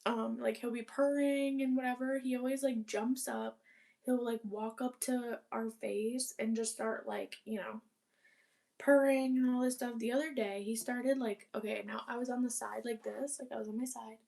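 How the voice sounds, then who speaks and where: A woman's voice: a little high, fairly even intonation, moderate pace, vocal fry, a little mellow. A young woman chatting casually while cleaning her apartment, rambling with lots of fillers and casual swearing. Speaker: vlogger.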